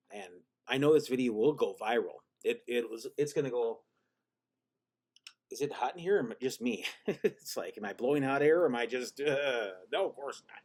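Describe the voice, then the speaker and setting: A man hosting a vlog, telling a rambling story with many restarts and deadpan self-mocking humor. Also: mid-range voice. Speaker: channel host.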